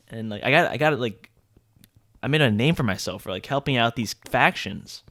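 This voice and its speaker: Laid-back young man, low dry voice. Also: a little fast, fairly bright tone, no room sound. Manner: rambling, heavy on filler words. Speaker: gaming vlogger. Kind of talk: casual storytime.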